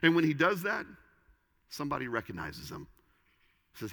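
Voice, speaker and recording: A man preaching a sermon, swinging between loud emphasis and hushed, quiet lines. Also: a little high, huge pitch swings, normal speed, creaky, pauses often, long reverb tail. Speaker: pastor.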